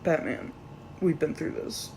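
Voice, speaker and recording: A man's voice: a little slow, darkish tone, a little hiss or hum, lightly acted, rough recording. A man doing an exasperated boy sidekick. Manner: exasperated, sarcastic. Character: exasperated boy sidekick, hot-headed and violent.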